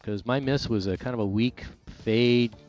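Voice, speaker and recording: A man's voice: mid-range voice, moderate pace, muffled recording, soft background music. Chatty Texan radio host, man. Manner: chatty, animated, rambling. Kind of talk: casual radio chat and live read.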